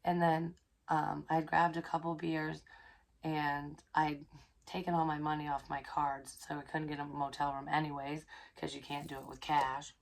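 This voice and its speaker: A woman psychic medium casually telling a personal story, excitable and profane, dropping into hushed asides. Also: sits low, normal speed, creaky.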